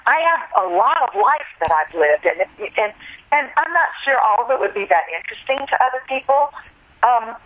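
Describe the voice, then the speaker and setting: An older woman from the American South, a singer being interviewed, telling stories in a chatty, reflective way and laughing easily. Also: a little high. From US South, Alabama. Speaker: guest, singer. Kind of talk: relaxed phone interview storytelling. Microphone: telephone. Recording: tinny phone line.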